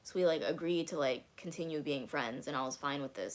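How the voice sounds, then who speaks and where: Young woman ranting a storytime vlog, lowish voice, swears a ton, says like constantly. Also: a little fast. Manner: candid, swears a lot, fillers of "like". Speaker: vlogger. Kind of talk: casual storytime chat.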